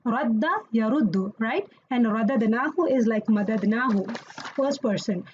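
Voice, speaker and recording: Brisk, patient woman teaching grammar. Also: fairly high pitch, darkish tone, highs cut off, slight background noise. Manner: patient, explanatory, checks in with "okay?" and "right?". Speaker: Quranic Arabic teacher. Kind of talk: online grammar lesson.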